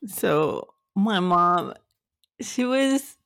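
A woman's voice: on the low side, expressive, drawn-out words, vocal fry, a bit bright, no room sound. A woman in her thirties co-hosting a podcast, telling stories animatedly with frequent laughter in a casual chat. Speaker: podcast co-host.

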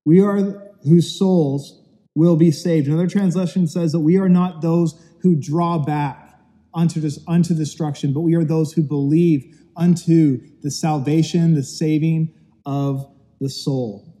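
Male pastor, loose joking delivery, dark mellow tone, long hall reverb. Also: on the high side, steady tone, unhurried. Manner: chatty, telling dad jokes with self-deprecating asides. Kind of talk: casual sermon to an online audience. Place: empty church auditorium.

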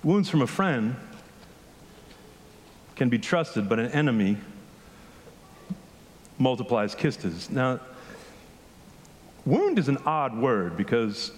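A man's voice: medium pitch, sing-song, takes it slowly, long pauses, big-room sound. A man preaching a casual, story-driven sermon, often asking the congregation questions. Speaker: pastor. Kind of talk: conversational sermon. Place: church hall with a congregation.

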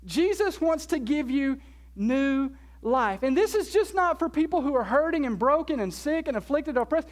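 A pastor preaching a sermon, stressing key words by slowing down and repeating them, asking the congregation questions and answering them. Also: high-pitched, expressive.

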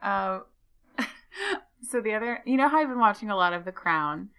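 A woman's voice: mid-range voice, expressive, moderate pace, a bit bright, clean tone. A young woman co-hosting a podcast, telling rambling stories in a chatty, laughing way. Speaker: podcast co-host. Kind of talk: casual chat.

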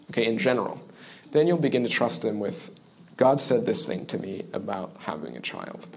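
Man, pastor, sermon, conversational, earnest, mid-pitched voice, quiet asides. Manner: earnest and conversational, often asking "okay?"; shifts between loud emphasis and quiet, low asides.

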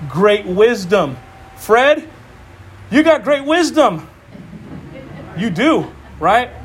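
A man preaching a sermon as pastor, excitable and laughing often, with stammering restarts and congregants addressed by name. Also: high-pitched, a little hiss or hum.

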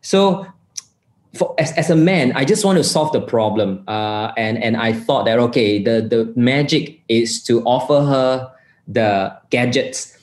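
A man's voice: medium pitch, unhurried, darkish tone. A man preaching a sermon, telling a personal story in an earnest way and often repeating words. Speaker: pastor. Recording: roomy echo.

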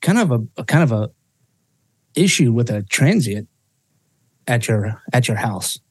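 A man's voice: mid-range voice, very animated, a little slow, husky, dry recording. A man hosting a podcast, asking a guest a question in a hesitant, searching way. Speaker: podcast host. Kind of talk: casual podcast interview.

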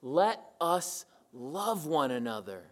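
A man's voice: on the high side, very animated, takes it slowly. A man preaching a sermon to his church, emphatic and repeating key phrases for weight. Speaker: pastor.

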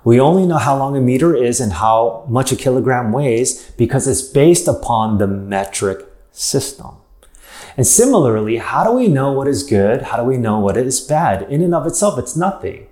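A man's voice: mid-range voice, sing-song, moderate pace, a little mellow, reverberant. A man preaching a sermon, stressing points by repetition and asking rhetorical questions.

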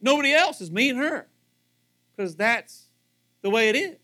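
A middle-aged man preaching with a high, lively voice that swoops all over. His tone is bright and forceful. He acts out dialogue and hammers phrases through repetition. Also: moderate pace. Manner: animated, acts out dialogue, repeats phrases for emphasis. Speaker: pastor. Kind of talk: sermon.

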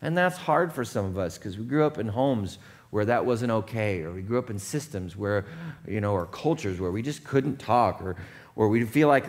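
A man's voice: on the low side, expressive, moderate pace. A man preaching a sermon as pastor, conversational and often checking in with his congregation.

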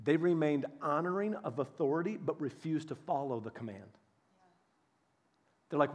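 A man preaching a sermon, telling biblical stories with animated, acted-out voices. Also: a little high, a little slow, pauses often. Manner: animated storytelling, acts out voices of biblical figures. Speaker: pastor.

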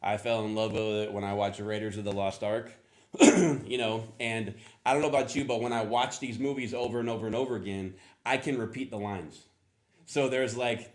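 A middle-aged man preaching a casual sermon, rambling and chatty as he coaxes answers from the congregation. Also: medium pitch. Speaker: pastor.

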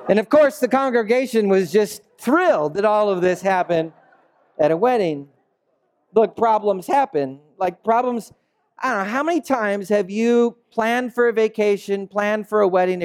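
Man, casual sermon, storytelling, higher-pitched voice. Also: normal speed, a little mellow, clear, resonant tone. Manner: storytelling, chatty, asks the room rhetorical questions. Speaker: pastor.

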